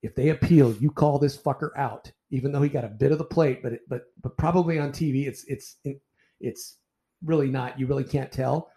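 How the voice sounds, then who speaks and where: Older male ex-umpire, dark mellow voice, salty storyteller who trips over his restarts. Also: mid-range voice, a little fast. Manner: profane, animated anecdotes with repeated restarts. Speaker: retired baseball umpire. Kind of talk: casual storytelling in a podcast interview.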